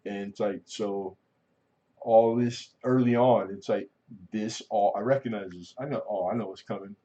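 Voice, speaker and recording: A middle-aged man with a lowish, mellow voice talks in a loose, rambling way. He is candid and swears often. His speech wanders through restarts. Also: moderate pace, muffled recording. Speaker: livestream host. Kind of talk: casual rambling chat.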